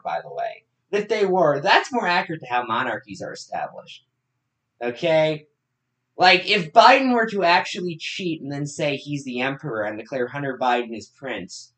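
A man's voice: a little high, fairly bright tone. A man giving blunt, mocking commentary on forum posts. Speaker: online commentator.

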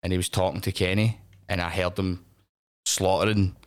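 A man's voice: low-pitched, moderate pace. Swearing Scottish man telling stories. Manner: animated, swears freely, acts out voices in anecdotes. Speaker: wrestling promotion owner, podcast guest. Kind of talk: casual storytelling chat.

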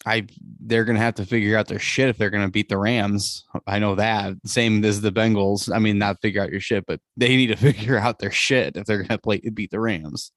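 A man's voice: on the low side, fairly even intonation, brisk, no echo, clean studio sound. A man hosting a casual sports podcast, joking and laughing often as he leads the chat. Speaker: podcast host.

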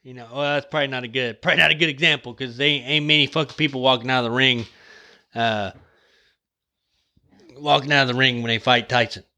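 A young man hosting a podcast, giving a fired-up, profane motivational talk that swings between yelling and relaxed joking, his throat getting dry from the shouting. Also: mid-range voice, a little fast, long pauses. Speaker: podcast host.

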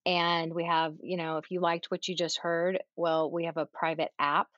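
Animated woman coach, dull dry sound. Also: lowish voice, normal speed, no room sound. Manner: animated, sighs and breathes audibly to demonstrate. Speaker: parenting coach guest. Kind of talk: casual advice chat.

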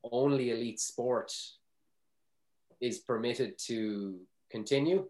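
A man from Ireland chatting as a podcast guest, his voice at an ordinary middle pitch. He stumbles and restarts often and pokes fun at himself. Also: darkish tone, reverberant. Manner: halting, self-deprecating, many restarts. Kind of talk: casual podcast chat.

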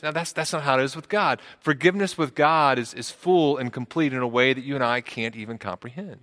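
A man preaching a sermon, his voice bright and forceful with a middle pitch. He talks earnestly, repeating words and climbing higher to stress a point. The sound rings with the long reverb of a big church hall. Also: fairly quick, few pauses. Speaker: pastor.

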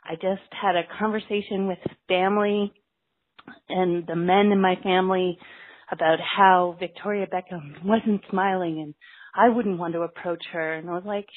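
A woman's voice: fairly low pitch, steady tone, normal speed. A woman leaving an exasperated, dismissive rant as a voicemail caller. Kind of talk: ranting voicemail. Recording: tinny phone voicemail.

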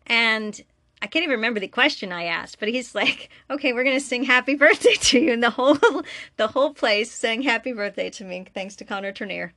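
A woman's voice: mid-range voice, bright, forceful tone, no echo, clean studio sound. A woman hosting her own podcast alone in a room, chatting casually and laughing at herself. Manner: chatty, self-deprecating, laughs often. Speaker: podcast host and story reader. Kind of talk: casual solo podcast chat.

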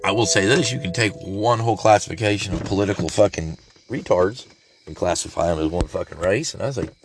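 A parent vlogger in his forties rants bluntly and profanely to the camera in a put-on redneck drawl. He talks quickly in a low voice, with slight background noise behind him.

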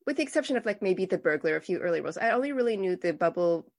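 A woman's voice: fairly low pitch, animated, very fast. A woman hosting an interview, speaking in an enthusiastic, effusive way and often restarting her sentences. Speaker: podcast host. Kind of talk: conversational interview.

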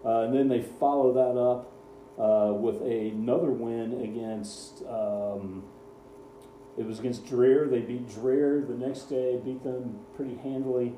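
A man's voice: mid-range voice, fairly even intonation, unhurried, warm tone, reverberant, a little hiss or hum, rough recording. A man co-hosting a casual sports talk show, running through game scores with dry sarcasm. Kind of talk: casual radio sports chat.

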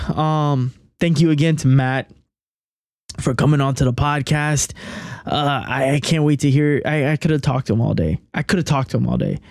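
A man hosting a podcast in casual chat, excitable and given to repeating himself. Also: a little high, no room sound. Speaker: podcast host.

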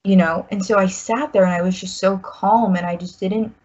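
Husky young woman, rambling confessional talk. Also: mid-range voice, fairly even intonation, normal speed, darkish tone. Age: 20s. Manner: rambling, full of "like" and restarts. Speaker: guest sharing a personal story. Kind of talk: candid personal storytelling. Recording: slightly muffled recording.

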